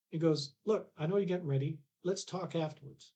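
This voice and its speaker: A man's voice: a little high, fairly even intonation, fast, hardly any pauses, warm tone. A man, a podcast guest telling a long anecdote with restarts and acted-out dialogue. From Canada. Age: 60s. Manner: rambling anecdotes with restarts, acts out quoted dialogue. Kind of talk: casual storytelling.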